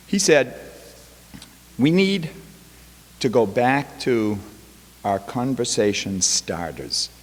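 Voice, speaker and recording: Man lecturing in a reverberant chapel. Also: deep voice. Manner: wry storytelling with quoted asides. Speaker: guest speaker, professor. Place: college chapel. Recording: long hall reverb.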